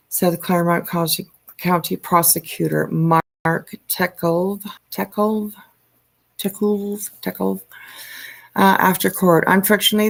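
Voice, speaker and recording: A woman hosting a livestream, reading news aloud and commenting in a halting way with frequent ums and uhs. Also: fairly low pitch, gravelly. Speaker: livestream host.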